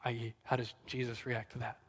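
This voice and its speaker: A man preaching a sermon, earnest and animated, acting out quoted lines and then dropping to soft, intimate tones. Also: mid-range voice, brisk, slightly rough. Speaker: pastor.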